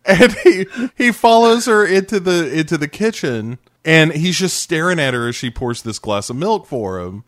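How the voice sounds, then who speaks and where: A man's voice: a little high, very animated, normal speed, few pauses, no room sound, studio quality. A man in casual podcast chat, recapping a TV scene in a playful way and often laughing.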